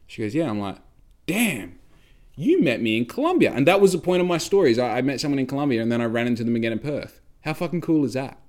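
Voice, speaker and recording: A man's voice: medium pitch, very animated, quick pace, darkish tone. A young Australian man telling a rambling story in casual chat, swearing freely and acting out the voices of the people he quotes.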